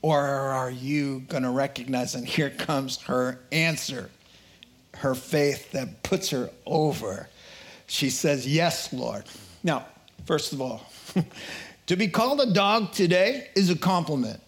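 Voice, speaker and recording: A pastor preaching a sermon in an animated way, acting out quotes and voices with humor. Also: male voice, mid-range voice, slow pace.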